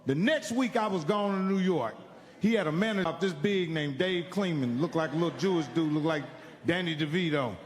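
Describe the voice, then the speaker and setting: High-voiced profane man telling stand-up stories. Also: fairly quick, in a large hall. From Indiana, United States. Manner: profane, animated, acts out characters' voices. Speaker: stand-up comedian. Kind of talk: stand-up storytelling.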